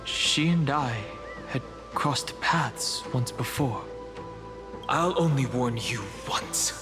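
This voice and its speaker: An actor playing a calm, reserved young man, speaking in a measured, quiet and solemn way in a game cutscene. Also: medium pitch, close to an everyday voice. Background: game soundtrack music.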